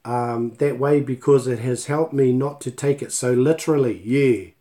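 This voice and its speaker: A man's voice: mid-range voice, moderate pace, mellow. A man with a New Zealand accent giving a casual live online language lesson through a laptop mic, chatty and storytelling, mixing in Māori words. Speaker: te reo Māori tutor. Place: at home on a live video stream. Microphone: laptop microphone.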